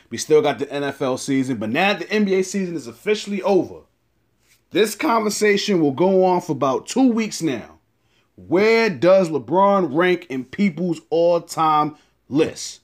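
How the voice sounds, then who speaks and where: A man hosting a casual sports talk show, animated and slangy, hyping up his co-host. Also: a little high. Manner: animated, slangy, hyped-up delivery.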